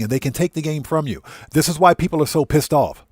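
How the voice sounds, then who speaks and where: Fired-up male streamer, higher voice. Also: lively intonation, fairly quick, dry recording, clean studio sound. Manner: fired-up and indignant, greeting chatters by name. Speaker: livestream host. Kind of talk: ranting livestream chat.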